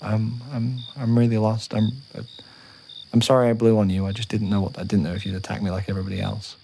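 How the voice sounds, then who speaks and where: A man's voice: on the low side, little pitch movement, fast, creaky, dark tone, a little hiss or hum. A man voicing a scared, lost young male dragon who stammers and apologizes. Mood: timid.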